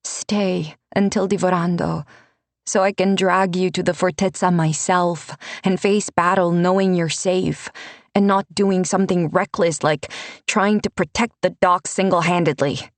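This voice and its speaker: Brief: woman playing a determined young woman, earnest and steady. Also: fairly low pitch, a little slow, dry recording, close to an everyday voice.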